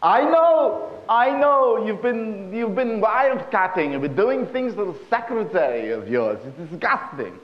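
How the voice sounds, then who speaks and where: A man's voice: on the high side, huge pitch swings, moderate pace, hardly any pauses, lo-fi sound. A man voicing a tearful wife accusing her husband, in a joke told on stage.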